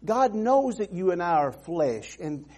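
A man's voice: high-pitched, big pitch swings, a little slow, darkish tone. A man preaching a sermon in an earnest, emphatic way, repeating phrases and restarting sentences.

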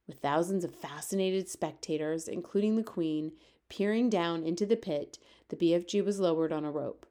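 A woman reading a children's book aloud with steady, expressive storytelling. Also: fairly low pitch, moderate pace. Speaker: reader.

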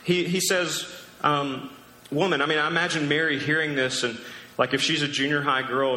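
A man's voice: fairly high pitch, fairly even intonation, moderate pace, bright, forceful tone. A man preaching a sermon as pastor, casual and conversational with joking asides. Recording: echoey hall with long reverb.

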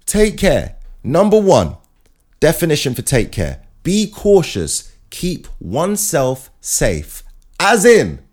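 A man, chatting in a casual comic monologue, self-mocking and animated. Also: a little high, slow pace. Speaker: vlogger.

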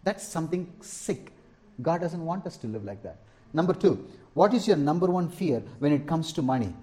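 A man's voice: on the high side, animated, moderate pace, mellow. A middle-aged man, preaching a sermon as pastor, stressing and repeating key lines and asking the congregation for an "Amen?".

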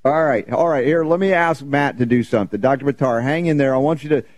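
A man's voice: medium pitch, fast, darkish tone, slight background noise. A man hosting a radio talk show in casual chat, tired and worn out from travel, talking loosely and laughing often.

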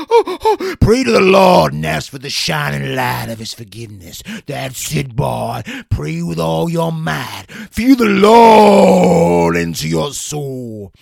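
A man playing a male counsellor who switches from a soft, patient manner to booming revival-preacher exorcism in a comedy sketch. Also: gravelly, slightly rough, no echo, studio quality, exaggerated voice.

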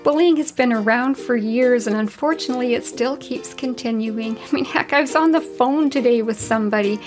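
A woman's voice: a little high, brisk, soft background music. A woman hosting a podcast, telling stories from her childhood in an earnest, folksy way. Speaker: podcast host. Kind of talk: personal reflective podcast talk.

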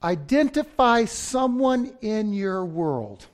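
A man preaching a sermon, swinging from loud outbursts to near-whispers, acting out story voices with humor. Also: high-pitched, big pitch swings, takes it slowly. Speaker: pastor.

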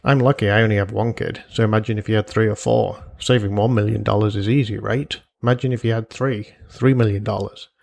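A man's voice: on the low side, steady tone, brisk, creaky, few pauses, darkish tone. A man hosting a solo personal finance podcast, chatty and jokey, with asides and imagined quotes from listeners. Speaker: podcast host.

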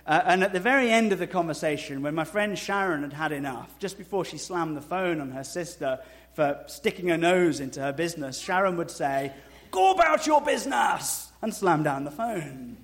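Brief: male pastor, sermon, slightly higher voice, shifts from slow soft emphasis to loud high asides, dry humor. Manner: conversational preaching with dry humor.

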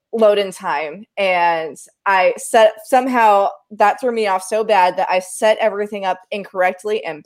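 A woman recounting a work story in casual chat, animated and laughing often. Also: medium pitch. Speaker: live sound engineer telling a story.

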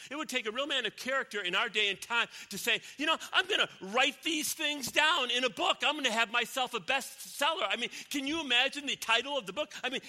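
Male pastor, high and piercingly bright, dynamic sermon delivery. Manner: animated, swinging from loud exclamations to near whispers.

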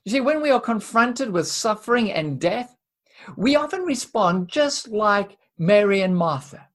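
Woman preacher, sermon delivery, emphatic with pauses, slow pace. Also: mid-range voice, lively intonation. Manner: earnest, emphatic, with dramatic pauses and repeated words.

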